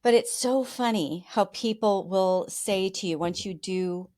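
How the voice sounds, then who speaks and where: A woman's voice: medium pitch, a little slow, darkish tone. An older woman in a conversational interview who talks in a chatty way with many restarts and livens up when quoting people.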